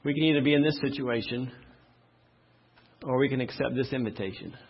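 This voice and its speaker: A man preaching a sermon as pastor, reading verses slowly and loudly, then dropping to quiet asides. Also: medium pitch, slightly rough, lo-fi sound.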